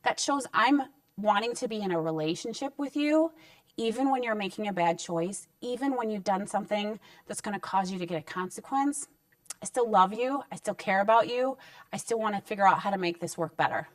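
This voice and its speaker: Speaking fairly quickly in an expressive, mid-range voice, a woman in the role of parenting counselor offers discipline advice directly to the camera. Her tone is chatty and comforting, with little acted-out scenes between parent and child. Her distance from the mic makes her sound a bit far off, though there's hardly any echo.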